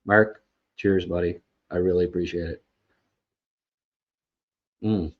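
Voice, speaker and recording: A man's voice: low-pitched, steady tone, takes it slowly, breathy edge. A man hosting a podcast, giving a casual game recap in a frustrated, rambling way, full of fillers and restarts. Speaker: podcast host. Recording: dull lo-fi sound.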